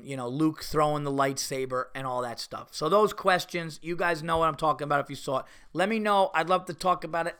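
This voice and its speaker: Animated man with a cold, bright voice. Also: mid-range voice, clear, resonant tone. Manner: animated storytelling, exaggerated retelling. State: fighting a cold, coughing. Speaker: podcast host. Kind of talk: casual podcast monologue.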